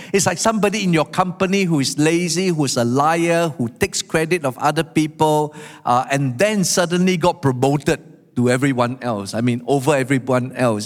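A man's voice: a little high, moderate pace. Man preaching in a reverberant hall. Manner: animated preaching, acts out quotes. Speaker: pastor. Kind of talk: sermon.

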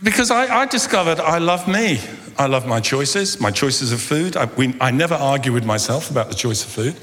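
A middle-aged man gives a humorous sermon in an animated, storytelling manner. He acts out little scenes of dialogue and plays for laughs. His voice sits at an ordinary pitch and carries a long reverb from the hall. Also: moderate pace. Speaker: preacher.

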